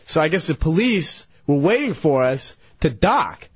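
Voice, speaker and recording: This regular radio guest sounds tired as he rambles through a story, faltering and beginning sentences again. His voice is a little high, husky and sing-song, a bit slow, and the studio radio mic records it dull and dry with no room sound.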